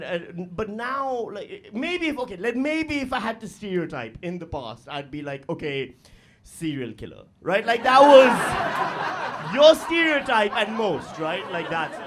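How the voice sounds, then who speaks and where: A man's voice: high voice, noisy background. A middle-aged man performing a stand-up comedy set on a live stage, profane and rambling, full of fillers and talking straight to the audience.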